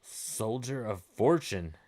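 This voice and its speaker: A man's voice: lowish voice, lively intonation, slow pace, a little mellow. A man in his forties hosting a gaming live stream, chatting with viewers in a rambling, laid-back way and swearing freely.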